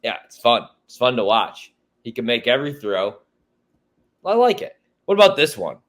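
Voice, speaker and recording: A man's voice: mid-range voice, big pitch swings, moderate pace, fairly bright tone. A man from Chicago hosting a sports podcast, giving blunt, profane, opinionated takes in casual chat.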